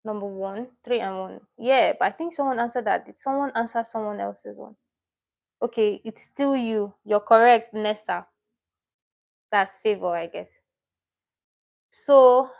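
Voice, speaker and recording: A woman's voice: a little high, creaky. A woman teaching a live online language lesson, patient and repeating each word as she explains it step by step.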